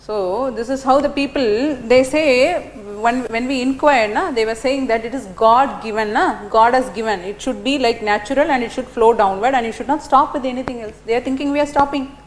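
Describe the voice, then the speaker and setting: A middle-aged woman lectures a class, her voice sitting fairly high. She tells stories animatedly, peppering them with fillers and tag questions. A faint hiss of noise runs under the recording. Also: moderate pace, hardly any pauses. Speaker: teacher.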